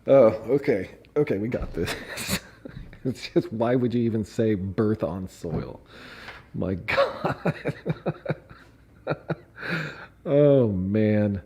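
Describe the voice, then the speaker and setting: A man's voice: lowish voice, expressive, drawn-out words, pauses often, a little mellow, breathy edge. A man hosting a casual commentary livestream, reading documents aloud with laughing fits, swearing and mocking asides. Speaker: streamer reading court filings.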